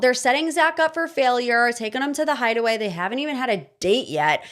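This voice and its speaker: A woman in her thirties hosting a podcast, giving casual pop-culture commentary in an animated, sarcastic, ranting manner. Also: fairly high pitch, a little fast, few pauses. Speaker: podcast host.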